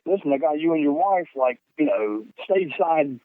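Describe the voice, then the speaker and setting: A man with a Southern US accent, a podcast guest, telling animated, profane stories and laughing as he goes. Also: fairly high pitch, normal speed, dry recording. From North Carolina. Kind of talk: casual storytelling. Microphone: phone. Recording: tinny phone line, dry.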